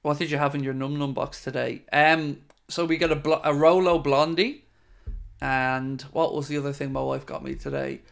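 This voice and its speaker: A man's voice: fairly high pitch, fairly even intonation, normal speed, vocal fry, a bit bright. A middle-aged man hosting a casual fan live stream, reading out viewer comments in a chatty, friendly way. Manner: chatty and friendly, with frequent fillers. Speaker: fan channel host.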